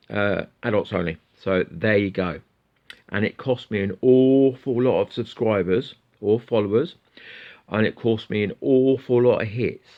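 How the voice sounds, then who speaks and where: A man's voice: on the low side, normal speed, dull audio. A middle-aged man chatting casually to camera as a guitar YouTuber, rambling and swearing freely.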